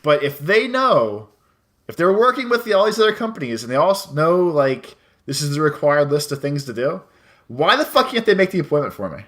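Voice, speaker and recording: Casting note: young male podcast co-host, quick and lively delivery, bright voice, swears freely while venting. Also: a little high. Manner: ranting, swears a lot, mimics people in quotes. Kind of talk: casual podcast chat.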